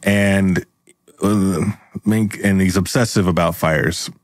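A man's voice: deep voice, steady tone, slow pace, no echo. A man running an improvised tabletop game on a podcast, rambling with fillers and laughing often. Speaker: game master.

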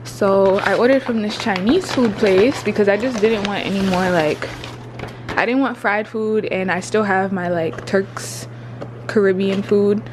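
This young vlogger, in her twenties, records a relaxed, upbeat chat in her hotel room, laughing frequently. She talks unhurriedly in a mid-range voice, with background noise picked up by the handheld phone or camera.

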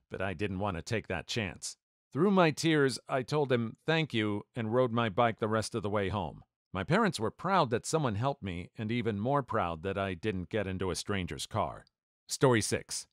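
Animated man narrating stories, low and dry. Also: no echo. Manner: animated, acts out the dialogue. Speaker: story narrator. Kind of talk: scripted story narration.

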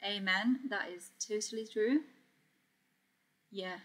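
A young woman from Portugal speaks slowly in a medium-pitched, slightly bright voice while sewing on a casual livestream. She chats comfortably, reads out comments, and laughs often.

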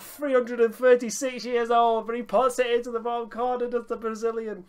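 A young man giving excitable running commentary over a football management game, breaking into laughter and shouts. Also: very high voice, brisk, clean tone. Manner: excitable, bursts into shouting and laughter at big moments. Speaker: gaming YouTuber.

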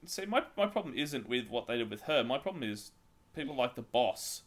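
A man's voice: medium pitch, big pitch swings, fairly quick. A man hosting a casual podcast chat, joking and steering the topics. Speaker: podcast host.

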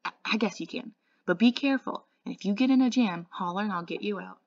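A woman reading the part of a firm, protective older brother, lecturing in a raised, higher voice. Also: quick pace, dry recording, dull audio, close to an everyday voice. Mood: teasing. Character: Darry, bossy protective teenage big brother.

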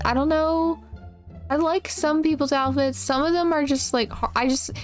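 A young woman chatting casually as she plays and comments on an online game, upbeat and full of fillers and repeated phrases. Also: high voice. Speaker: gaming YouTuber.

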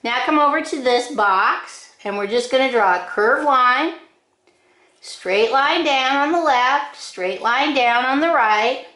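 Woman, drawing teacher, fairly high voice, unhurried step-by-step delivery, echoey room. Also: bright, forceful tone. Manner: slow, patient, gives short drawing directions one step at a time.

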